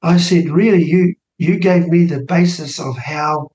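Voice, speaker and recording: A man in his sixties with a New Zealand accent, telling personal stories as a guest and acting out quoted dialogue in a lively voice. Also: on the high side, a little slow, lo-fi sound. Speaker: interview guest, minor party co-leader. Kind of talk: animated personal storytelling. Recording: roomy studio echo.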